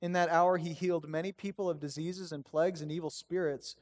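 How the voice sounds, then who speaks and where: High-voiced man preaching casually. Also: brisk. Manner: conversational and animated, reads scripture aloud. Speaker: pastor. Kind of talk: sermon.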